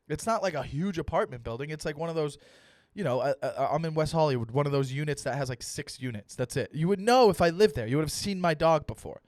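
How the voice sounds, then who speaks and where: A young adult man hosting a comedy podcast, ranting with animated, profane storytelling and acted-out dialogue. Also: on the high side, no room sound, studio quality. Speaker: comedian host.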